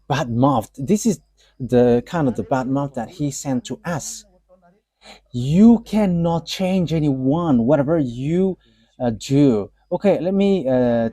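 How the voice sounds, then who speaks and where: A man preaching a live sermon, halting, with many fillers and restarts and frequent chuckles. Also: a little high, mellow.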